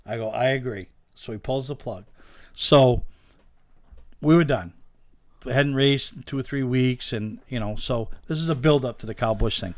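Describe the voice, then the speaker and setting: A man, a guest telling lively stories about owning race cars in a casual chat, acting out the voices of the people in them. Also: medium pitch, normal speed, no room sound. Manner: animated anecdote teller, acts out quoted dialogue. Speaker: guest, race car owner. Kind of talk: casual storytelling in a podcast chat.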